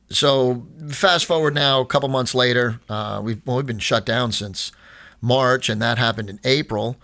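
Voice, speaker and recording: Speaking at a moderate pace in a creaky, fairly bright mid-range voice, this podcast guest who owns a skatepark spins a long, meandering tale. He keeps restarting, uses plenty of fillers, and acts out conversations with quoted dialogue. There's no echo.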